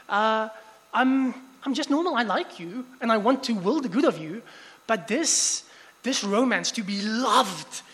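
A male preacher giving a conversational sermon in a church hall, with frequent restarts and animated asides. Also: sits high. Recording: long hall reverb.

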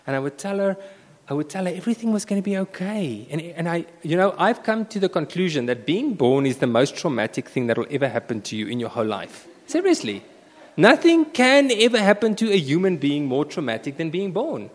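Brief: animated male preacher, rather high voice that leaps about, long hall reverb. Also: brisk. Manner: animated storytelling, swinging between loud bursts and hushed asides. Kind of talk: sermon with personal story.

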